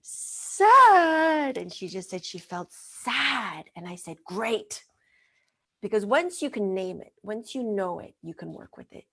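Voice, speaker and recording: A woman who works as a mind-body wellness trainer, telling a story as a guest in an interview in a gentle, earnest way. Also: medium pitch, lively intonation, moderate pace, creaky, hardly any pauses, breathy edge.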